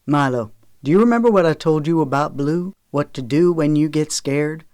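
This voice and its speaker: An audiobook voice of a steady, level-headed man, as the narrator reads him, speaking with calm and clear authority. His tone is even and reassuring, not far from the reader's own, with a dry, close sound. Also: medium pitch, normal speed, no room sound, close to an everyday voice. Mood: coaching. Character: calm, steady man rescuing a boy in a storm. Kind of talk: audiobook character reading.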